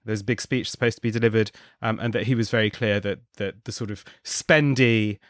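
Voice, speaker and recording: A man's voice: lowish voice, fairly even intonation, a little fast, no room sound, studio quality. A man as a podcast guest, giving wry political analysis in a thoughtful way, with frequent ums and restarts. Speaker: guest, contributing editor.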